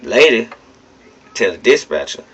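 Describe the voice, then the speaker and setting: Here a male vlogger talks in a mid-range, sing-song voice that's a bit bright and slightly rough, taking his time. His commentary to viewers is casual, blunt and emphatic, peppered with swearing, and the phone recording sounds dull and lo-fi.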